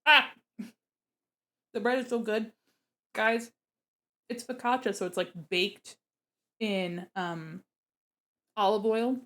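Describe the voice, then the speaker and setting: A woman's voice: fairly high pitch, fairly even intonation, slow, pauses often, sharp tone. A young woman streaming from home, chatting casually and giggling while she eats, with her mic set away from her face. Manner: giggly, chatty, talking with her mouth full. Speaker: art streamer.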